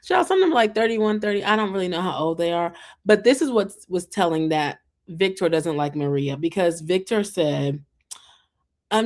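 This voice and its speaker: A young woman from the United States talks casually to her viewers with a slightly low voice. She rambles in a chatty, animated way, fills her talk with "like" and "um", and drops in "child" as an aside. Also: normal speed. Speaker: vlog host reviewing a reality show. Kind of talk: casual chat to camera.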